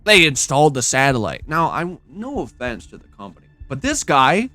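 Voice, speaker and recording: A man's voice: a little high, huge pitch swings, moderate pace, bright, forceful tone, no room sound, faint music behind. A man hosting a podcast, telling stories in an exasperated, profane casual rant. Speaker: podcast host. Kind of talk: casual ranting storytelling.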